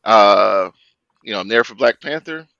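Bright-voiced man on a dull dry mic. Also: on the low side, expressive, vocal fry, no echo. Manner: halting, repeats words, firm critic. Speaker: podcast co-host. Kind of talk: casual debate chat.

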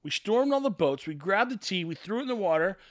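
A man's voice: high-pitched, big pitch swings, brisk, dry recording, clean studio sound. Exasperated man ranting on his podcast. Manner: sarcastic, exasperated, repetitive. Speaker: podcast host. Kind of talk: ranting solo monologue.

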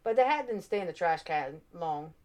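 A woman narrating a children's storybook aloud with expressive, animated delivery. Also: fairly low pitch, moderate pace.

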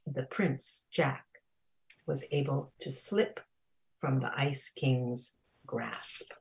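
A woman storyteller reading a fairy tale aloud on a radio storytelling hour, slow and expressive with dramatic pauses. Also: low-pitched, slightly rough.

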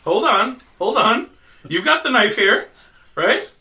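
A man's voice: sits high, very animated, slow, bright, forceful tone, distant mic, pitched above the performer's own voice, exaggerated voice. A man doing a jittery, pleading wizard. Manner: stammering, pleading. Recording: echoey room from afar.

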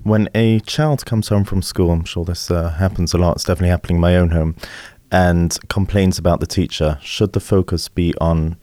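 A man's voice: low-pitched, steady tone, a little fast, dark tone, no room sound. A man hosting a podcast, asking questions politely and thanking his guest. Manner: polite, asks long questions. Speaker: podcast host. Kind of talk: podcast interview.

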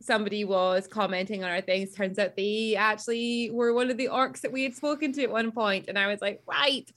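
Young woman, casual podcast chat, bright tone, eager. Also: medium pitch, steady tone, brisk. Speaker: podcast co-host.

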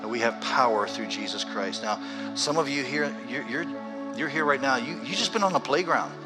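A man preaching a sermon as pastor, swinging between loud emphasis and hushed, earnest stretches. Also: medium pitch, lively intonation, normal speed, over loud music.

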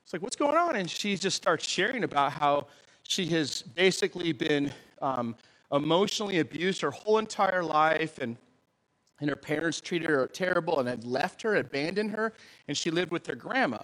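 A middle-aged man preaching as a pastor, telling stories in a lively, animated way and acting out the dialogue with big jumps in his voice. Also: a little high, moderate pace, poor audio. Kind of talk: storytelling sermon.

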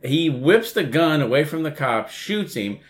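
A man co-hosting a podcast, recounting a movie plot in a steady, matter-of-fact way. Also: fairly high pitch, measured pace. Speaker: podcast co-host. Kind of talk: casual movie recap.

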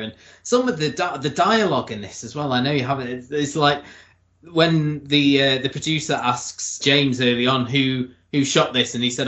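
A man's voice: medium pitch, moderate pace, bright, forceful tone. A man hosting a TV review podcast, chatting casually with chuckling asides. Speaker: podcast host. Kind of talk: casual chat. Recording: roomy echo.

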